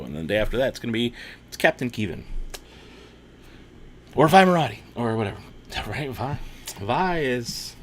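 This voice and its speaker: A man's voice: fairly low pitch, a bit bright. A man hosting a casual watch-party livestream, reading chat comments aloud and laughing often.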